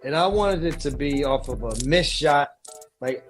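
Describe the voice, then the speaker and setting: A man's voice: fairly high pitch, moderate pace, faint music behind. A man being interviewed, joking back and laughing at himself. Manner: self-deprecating, laughs while talking. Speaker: interview guest.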